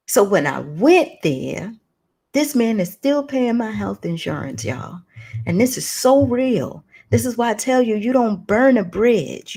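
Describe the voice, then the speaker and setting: A woman's voice: mid-range voice, breathy edge. A woman hosting a talk, telling a personal story with emotion and preacher-like emphasis. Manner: emotional, preacherly storytelling addressing listeners as y'all. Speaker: host.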